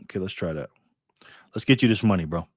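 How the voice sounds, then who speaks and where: Deep-voiced and quick, with a breathy edge, a livestream host banters through viewer comments, greeting people by name and calling them "man" and "bro." The sound is dry and clean, studio grade.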